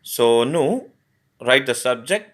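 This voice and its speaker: A male French teacher, from India, giving a recorded grammar lesson, often spelling words letter by letter and pausing with fillers. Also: mid-range voice, expressive, fairly bright tone.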